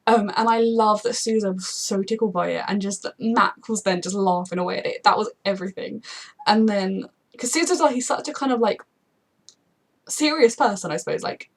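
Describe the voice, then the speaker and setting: A young woman hosting a casual TV reaction chat, gushing and rambling with many fillers and quick laughs. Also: mid-range voice. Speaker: TV reaction channel host.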